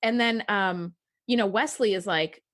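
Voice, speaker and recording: A woman's voice: medium pitch, a little slow. A woman co-hosting a podcast, chatting casually about a TV episode and acting out quoted lines. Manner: animated, acts out quoted voices. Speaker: podcast co-host.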